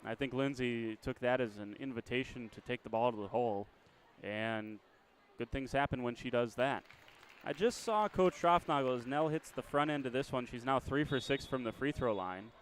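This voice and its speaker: Male play-by-play caller for a school basketball game, mid-pitch, chatty, self-correcting, faint gym noise behind. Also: normal speed, hardly any pauses. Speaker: play-by-play announcer.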